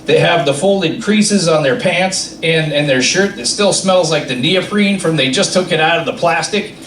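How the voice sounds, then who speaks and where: A man's voice: a little high, moderate pace, a bit bright, recorded from a distance, slight background noise. A man doing a stand-up comedy set, telling rambling stories and laughing at his own jokes. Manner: rambling, self-amused storytelling. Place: comedy club stage. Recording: roomy club sound from off mic.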